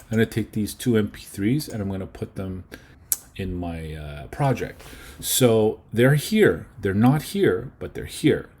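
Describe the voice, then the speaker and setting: A man's voice: fairly low pitch, lively intonation, measured pace, darkish tone, slight background noise. A man teaching a casual lesson on video editing, chatty and often checking in with his students. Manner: chatty, checks in with okay and right.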